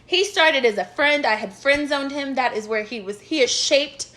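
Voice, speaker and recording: A woman's voice: high voice, moderate pace, bright, forceful tone. A young woman rambling frankly to her viewers in a casual, self-mocking confessional rant. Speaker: vlogger.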